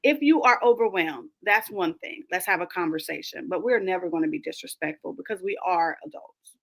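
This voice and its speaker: A woman coach speaking emphatically as a roundtable guest, animated and often laughing as she makes her points. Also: fairly low pitch, a little fast, vocal fry. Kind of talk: roundtable conversation.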